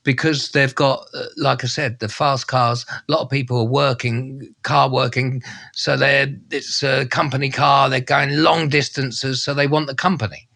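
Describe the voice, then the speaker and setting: A man, a travel presenter telling a story in casual, slangy, animated style. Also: medium pitch, normal speed, gravelly. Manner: animated, slangy, acts out voices and sounds. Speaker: travel presenter and podcast co-host.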